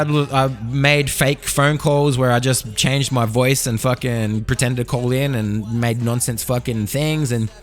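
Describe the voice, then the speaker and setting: Rambling, profane Australian podcast man. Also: on the high side. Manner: rambling, profane, slangy, drifting loud and soft. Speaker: podcast host. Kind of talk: freestyled solo podcast monologue. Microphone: studio condenser mic.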